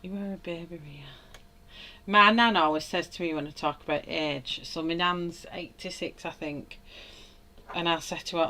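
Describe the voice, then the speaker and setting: A woman in her thirties hosts a colouring livestream from home. She chats freely, greets viewers by name and laughs often. Her voice sits a little low, and its tone is bright and forward. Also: fairly even intonation, moderate pace, slight background noise. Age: 30s. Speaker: livestream host. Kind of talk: casual chat while colouring.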